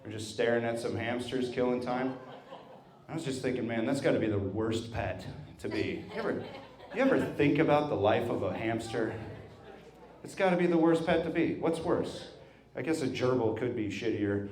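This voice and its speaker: A man's voice: mid-range voice, lively intonation, normal speed. A man in his thirties doing a stand-up set in a wry, self-deprecating, conversational way. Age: 30s. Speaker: stand-up comedian. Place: brewery venue with a live audience. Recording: echoey room with a crowd.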